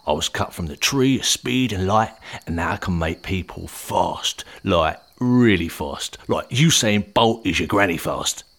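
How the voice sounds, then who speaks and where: A man's voice: low voice, lively intonation, measured pace, hardly any pauses, fairly bright tone, full character voice. A man doing a cheeky Cockney magic stick. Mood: cocky. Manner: brash, teasing, blunt. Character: cheeky magic talking stick, male, cocky. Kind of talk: storybook voice acting.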